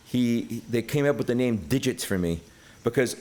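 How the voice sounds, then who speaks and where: Speaking at medium pitch and a normal pace, this middle-aged Brooklynite tells stories as a podcast guest. He's profane and animated, performing the quotes as he goes.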